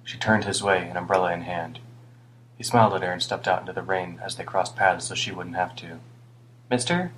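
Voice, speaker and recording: A man reading an audiobook in a steady, even scripted narration. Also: sits low, fairly quick, slight background noise, low-quality recording.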